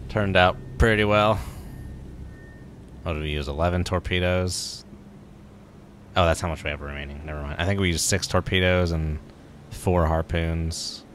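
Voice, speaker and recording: A man streaming a submarine game, commenting casually, joking and reacting excitably while talking to his chat. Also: low voice, measured pace, long pauses, a little hiss or hum. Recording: voice over game music.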